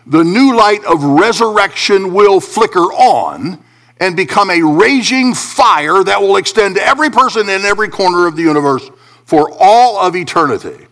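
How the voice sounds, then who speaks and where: High, lively-voiced preaching man. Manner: dramatic preaching with swings between soaring emphasis and hushed low phrases. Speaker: pastor. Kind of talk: sermon.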